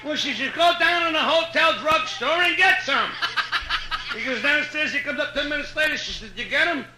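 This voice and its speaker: High-voiced Brooklyn comedian telling jokes. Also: male voice, moderate pace. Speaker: stand-up comedian. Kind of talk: live stand-up joke telling. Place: hotel nightclub stage. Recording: echoey live room with crowd noise.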